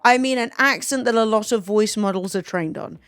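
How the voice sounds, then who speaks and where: A woman's voice: mid-range voice, brisk, a bit bright, dry recording. A young woman from England with a Southern English accent, chatting casually on her stream in a rambling way, full of "like" and the odd swear. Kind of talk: casual chat. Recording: dry close mic, faint music.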